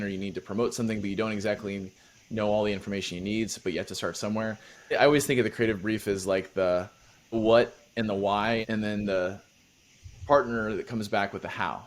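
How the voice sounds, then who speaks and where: A man hosting a podcast, asking questions in a playful, upbeat, casual way. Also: fairly low pitch. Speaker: podcast host. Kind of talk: casual interview chat.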